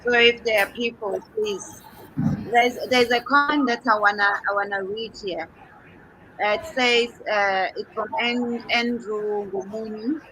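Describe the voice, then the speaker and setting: A woman's voice: a little high, steady tone, unhurried, bright, forceful tone, slight background noise, poor audio. A woman from South Africa joining a casual live-stream chat as a guest, speaking earnestly and repeating words as she goes.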